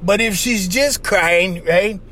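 A man hosting a podcast, giving casual advice in an animated monologue, laughing often and acting out little voices. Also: high voice, slow, a little hiss or hum. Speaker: podcast host.

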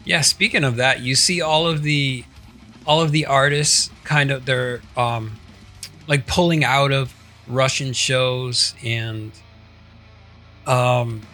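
A man with a mid-pitched, bright voice co-hosts a podcast in a relaxed, easygoing way, with frequent fillers. Faint music plays behind him. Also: slow pace. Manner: easygoing, laughs along, fillers. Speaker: podcast co-host. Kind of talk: casual podcast chat.

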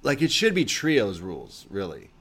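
A man's voice: on the low side, huge pitch swings, normal speed, fairly bright tone, husky. A man co-hosting a wrestling review show, recapping scenes in casual chat and quoting the wrestlers' lines. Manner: recounts scenes, quoting lines in put-on voices.

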